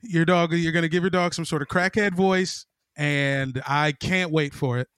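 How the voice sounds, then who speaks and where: A man's voice: a little high, steady tone, normal speed, a bit bright, clean tone. A man co-hosting a podcast, chatting casually and teasing his friends with profane banter. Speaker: podcast co-host. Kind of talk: casual chat.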